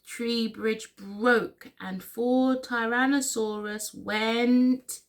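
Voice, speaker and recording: A woman reading a children's picture book aloud for storytime in an expressive, sing-song way. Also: fairly high pitch, drawn-out words. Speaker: story reader.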